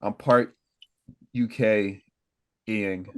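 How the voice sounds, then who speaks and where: A man's voice: on the low side, steady tone, extremely slow, darkish tone, a little hiss or hum. A young American man co-hosting a casual podcast, rambling and correcting his own slips with a laugh. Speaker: podcast co-host.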